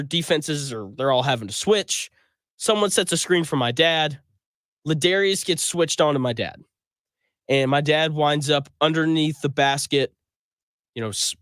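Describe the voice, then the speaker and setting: A man's voice: a little high, fairly bright tone, no echo. A man hosting a sports talk radio show, telling stories in a conversational, emphatic and opinionated way from a studio microphone.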